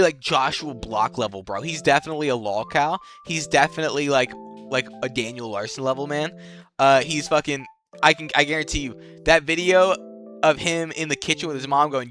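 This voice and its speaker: A man's voice: fairly high pitch, pushed and bright. A young man giving casual, slangy commentary as a channel host, rambling, swearing freely and laughing at his own jokes. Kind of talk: casual tier-list commentary.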